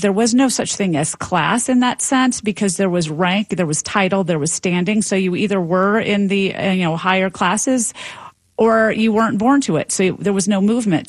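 A woman, a linguistics professor, explaining as a guest in conversational style with articulate, lively emphasis. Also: mid-range voice, normal speed, no echo.

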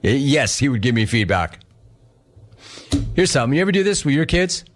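A middle-aged man hosts a sports talk show and reads listener questions in a relaxed, conversational way. His voice sits in an ordinary middle register. He tells his stories with energy and acts out the dialogue as he goes. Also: mid-range voice, brisk. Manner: animated storytelling, acts out quoted dialogue. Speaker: sports radio host. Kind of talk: casual listener Q&A chat.

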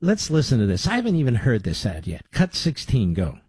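A man's voice: medium pitch, wildly swooping pitch, a little fast, darkish tone, breathy edge, dry recording. A man hosting a political talk radio show, combative and sarcastic, with mocking asides to his producer. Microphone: studio microphone.

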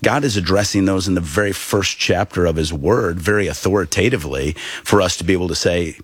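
A man with a very low, husky voice talks as a pastor in a radio interview. He speaks earnestly and with emphasis, in a preaching tone. The recording is dry and close. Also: brisk, no room sound.

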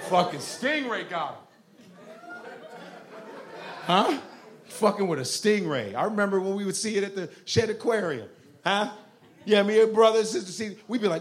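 A man doing a profane stand-up comedy routine, animated, often bursting into shouts. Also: high-pitched, normal speed, long pauses, a crowd in the background, background noise.

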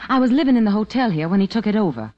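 A woman's voice: medium pitch, sing-song, rapid-fire, natural voice. An actress playing a cool, scheming young American woman in an old-time radio drama. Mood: earnest. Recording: dull lo-fi vintage radio broadcast.

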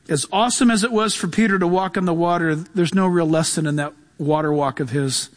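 A male pastor preaching a sermon, animated, acting out voices and dropping to a hush for emphasis. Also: sits high, long reverb tail.

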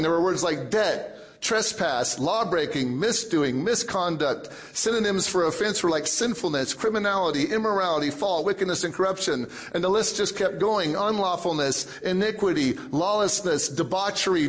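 Guy preaching a sermon, kinda high voice, repeats himself for emphasis, gets loud then drops way down. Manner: emphatic preaching with repetition and big swings in volume. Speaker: pastor.

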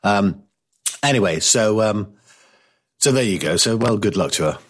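Rambling British radio host, lowish voice. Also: male voice, animated, normal speed, husky. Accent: British English. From Britain. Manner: rambling, with many fillers and restarts. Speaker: radio talk show host. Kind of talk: casual talk radio chat.

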